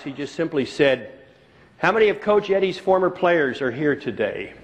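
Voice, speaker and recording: A man's voice: medium pitch, slight background noise. A man giving a motivational keynote speech at a conference, telling stories and repeating key phrases for emphasis. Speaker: keynote speaker. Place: conference hall before a live audience.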